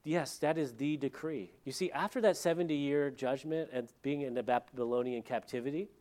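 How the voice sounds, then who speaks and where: A man's voice: mid-range voice, normal speed, a little mellow. Man preaching a conversational sermon. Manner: conversational, with joking asides. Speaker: pastor.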